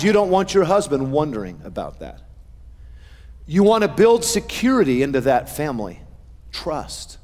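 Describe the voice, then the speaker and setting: A middle-aged male pastor preaching a sermon, with animated swings in pitch and loudness. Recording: long hall reverb.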